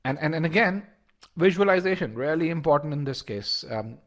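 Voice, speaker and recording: A man's voice: a little high, animated, a little fast. Man teaching a live online class. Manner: repeats words and restarts, addresses students directly. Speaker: instructor. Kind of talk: live online test-prep lesson.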